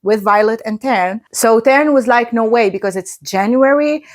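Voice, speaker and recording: A woman book vlogger talking through a spoiler review in casual chat, gushing and excitable, with many fillers and restarts. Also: fairly high pitch, moderate pace.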